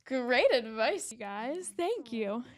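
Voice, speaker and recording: A college-age woman hosting a student podcast, encouraging and quick with agreement. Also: on the high side, very animated. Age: early 20s. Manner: encouraging, constant agreeing backchannels. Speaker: podcast host. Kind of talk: casual chat.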